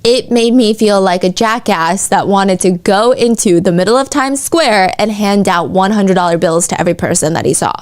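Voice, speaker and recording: A woman's voice: mid-range voice, normal speed, hardly any pauses. A woman hosting a true-crime podcast, reading out courtroom testimony in a casual, chatty way with frequent "like" asides. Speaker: podcast host.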